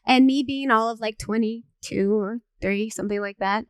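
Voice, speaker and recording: A woman moderating a panel who tells stories in a chatty, lively way with many fillers. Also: fairly high pitch, moderate pace, clear, resonant tone, dry recording. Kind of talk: panel storytelling.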